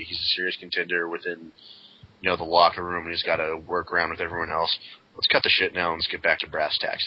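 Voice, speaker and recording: A very deep-voiced man co-hosting a podcast, talking bluntly and swearing freely as he argues his point. The recording is dull and lo-fi with a faint background hiss. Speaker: podcast co-host. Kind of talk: casual wrestling review chat.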